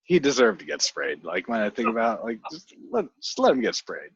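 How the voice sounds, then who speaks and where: Husky man with rambling casual talk. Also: fairly low pitch, big pitch swings, fairly quick. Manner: rambling, many fillers and restarts. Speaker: podcast co-host. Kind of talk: casual podcast chat. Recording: dry, dull lo-fi podcast audio.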